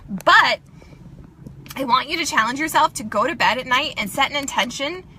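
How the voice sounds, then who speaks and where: Bright, upbeat woman vlogger. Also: sits high, lively intonation, moderate pace, slight background noise, low-quality recording. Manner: upbeat, chatty, laughs often. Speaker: self-help vlogger. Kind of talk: casual motivational talk to camera.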